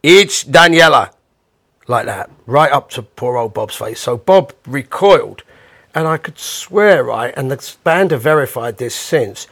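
A man, a bandleader, casually telling a rambling, animated anecdote with the odd chuckle. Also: medium pitch, unhurried, slightly rough.

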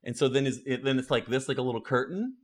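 A man narrating a tabletop game as game master, casual and halting, with frequent restarts. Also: mid-range voice.

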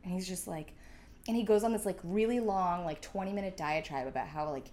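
A woman's voice: fairly low pitch, fairly quick. A woman guest on a podcast, telling a story in casual chat, swearing freely and acting out what everyone said. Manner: profane, animated, acts out quotes.

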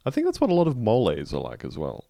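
A man's voice: fairly low pitch, wildly swooping pitch, fast talker, creaky, dark tone, dry recording. A man co-hosting a podcast, telling wry stories in casual comedic chat. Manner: dry, wry storytelling with laughs. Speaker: podcast co-host.

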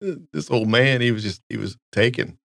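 A man's voice: mid-range voice, a little fast, vocal fry, fairly bright tone, no echo. A man hosting a casual podcast, telling a rambling story and laughing often. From United States. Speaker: podcast host. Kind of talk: casual chat.

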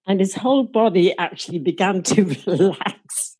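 A woman's voice: mid-range voice, normal speed, few pauses, background noise. An older woman recounting a story from her own past in a wry, amused way. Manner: wry, amused, laughs while telling. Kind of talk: casual spoken anecdote.

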